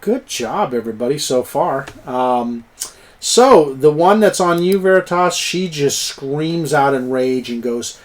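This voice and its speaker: A man's voice: fairly high pitch, expressive, measured pace. A man narrating a tabletop game as game master, chuckling and cheering on the players' rolls. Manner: chuckling, encouraging, plays up dice rolls.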